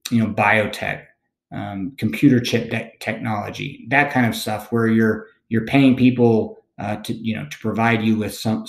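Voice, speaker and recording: A man teaching a recorded lesson, explaining in a relaxed, conversational way and often checking in with "okay?". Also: fairly low pitch, echoey room. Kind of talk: recorded classroom lecture.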